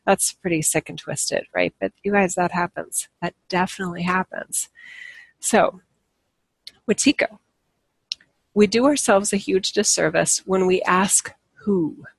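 A woman talks casually to her live viewers in a voice with a gravelly edge. She rambles and restarts her sentences, often laughing at herself. The sound is close and dry. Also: lowish voice, a little slow, no echo. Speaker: livestream host.

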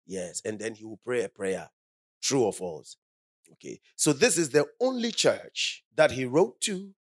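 Male preacher, lively pitch, dry close sound, keeps asking "true or false" of the congregation. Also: no room sound. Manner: call-and-response questions to the congregation; rising emphatic reading of scripture. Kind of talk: sermon with Bible reading.

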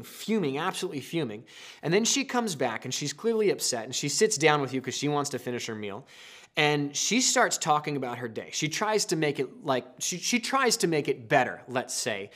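A man preaching a sermon, telling everyday stories with lively, acted-out moments. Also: fairly high pitch. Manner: animated storytelling, acting out husband and wife.

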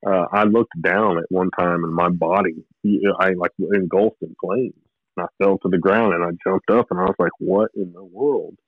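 A man's voice: low voice, fairly even intonation, moderate pace, dry recording, phone-quality sound. A man telling a personal spiritual story in a rambling way, with restarts and short laughs. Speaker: guest telling his testimony.

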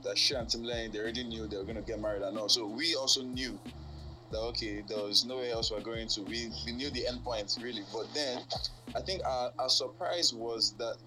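A man with a bright, forward voice speaks slowly and thoughtfully. He pauses with fillers as he works out his point. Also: mid-range voice, a little hiss or hum, poor audio. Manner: hesitant, thoughtful, many fillers. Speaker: guest. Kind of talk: casual chat.

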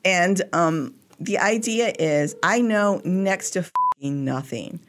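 A man's voice: sits high, animated, slow, a bit bright. A man co-hosting a comedy podcast, rambling and self-deprecating, with casual swearing. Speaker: podcast co-host.

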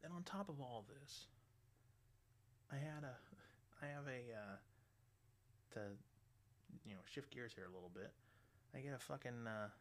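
A middle-aged man hosting a radio show, ranting bluntly and swearing constantly, loud and animated. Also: mid-range voice, a little slow, pauses often. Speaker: radio host. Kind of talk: profane ranting monologue.

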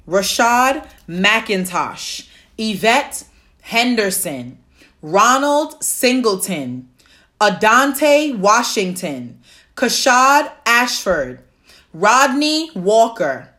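A woman talking straight to her viewers in an emotional video, close to tears. She speaks slowly, with long deliberate pauses, and her voice is bright and tense. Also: mid-range voice. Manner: slow, deliberate reciting with heavy pauses. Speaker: vlogger. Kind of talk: emotional solo video address.

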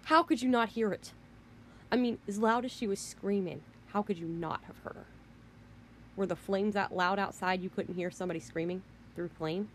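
A woman's voice: medium pitch, normal speed, a little hiss or hum. Woman ranting in a rambling, emphatic way. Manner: emphatic, rambling, repeats herself. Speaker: vlogger. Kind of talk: ranting monologue.

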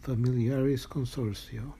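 A man reads a church document aloud in a deep, mellow voice, saying "quote" and "unquote" around each passage and reading out every citation in full. His delivery stays level and even, and he sounds earnest and moved by the words. A faint hiss sits behind him. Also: a little slow. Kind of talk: reading a religious text aloud with asides.

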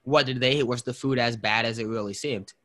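A man's voice: medium pitch, a little fast, fairly bright tone. Rambling man hosting a casual podcast. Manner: rambling, many fillers and restarts, jumps between topics. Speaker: podcast host. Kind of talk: casual chat.

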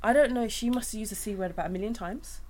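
A young woman chatting casually, telling her birth stories in a lively, storytelling manner. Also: mid-range voice, quick pace. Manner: chatty storytelling, animated when retelling. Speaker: new mother. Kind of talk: casual chat.

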